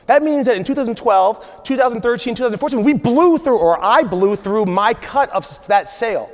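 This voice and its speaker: A man's voice: very high-pitched, expressive, brisk. A man in his forties giving an emphatic motivational keynote at a conference, often checking in with the audience with "right?". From USA. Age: 40s. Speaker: conference speaker. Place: large conference hall. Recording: long hall reverb.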